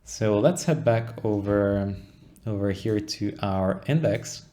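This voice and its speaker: In a relaxed screen-share walkthrough, a young man explains code while reasoning aloud, often asking "right?" He's a coding tutorial instructor whose lowish voice is slow and warm.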